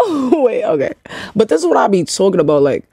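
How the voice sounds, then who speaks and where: Gravelly young New woman streaming. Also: mid-range voice, big pitch swings, brisk, mellow, no room sound, clean studio sound. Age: young adult. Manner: slangy, swearing, laughing, incredulous. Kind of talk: casual livestream chat.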